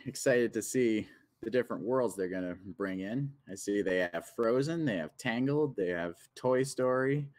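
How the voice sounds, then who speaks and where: A man co-hosting a casual gaming podcast, giving short relaxed replies. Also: mid-range voice, normal speed, dry recording. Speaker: podcast co-host.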